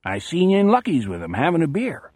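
A man's voice: on the high side, huge pitch swings, a little fast, a little mellow, dry recording, pitched above the performer's own voice. A man reading aloud, voicing a plainspoken, wary aging man in an audiobook. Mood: probing. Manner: plain, folksy talk.

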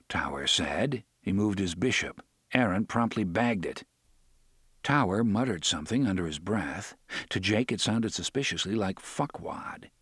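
A man reading an audiobook with measured, expressive storytelling. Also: low-pitched, husky, no room sound, clean studio sound. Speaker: audiobook narrator. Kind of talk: scripted narration.

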